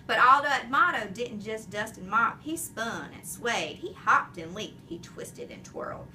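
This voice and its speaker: Animated woman reading a kids' book. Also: on the high side, measured pace, recorded from a distance, slight background noise. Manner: expressive, animated storytelling. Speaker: audiobook reader. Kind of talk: children's chapter-book narration.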